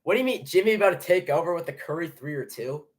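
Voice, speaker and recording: A man's voice: on the high side, quick pace. Jittery young man calling a game live. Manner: nervous, excitable, stumbling over restarts. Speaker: fan streaming a live game reaction. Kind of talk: live play-by-play reaction.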